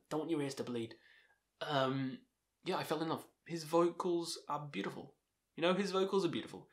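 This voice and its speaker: Brief: male metal vlogger, slightly high voice, swears constantly, gushing and emphatic. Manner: enthusiastic, heavily profane, emphatic. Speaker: music reviewer. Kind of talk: casual album-ranking vlog.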